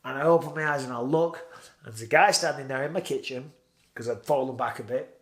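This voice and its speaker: A man's voice: medium pitch, a little fast, a bit bright. A British man in his forties telling a vivid personal story in a casual way, acting out his own past lines. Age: 40s. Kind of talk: casual spoken anecdote.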